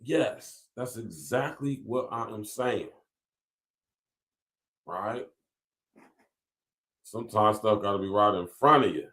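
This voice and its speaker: A man's voice: lowish voice, animated, slow pace, pauses often, bright, forceful tone. Emphatic man hosting a commentary podcast. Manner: emphatic, repetitive, reads passages aloud then riffs with slang. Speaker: podcast host.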